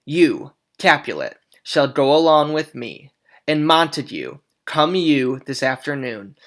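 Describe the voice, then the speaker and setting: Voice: medium pitch, fairly bright tone. A teacher reading a stern, commanding prince aloud from the play, declaiming with small slips.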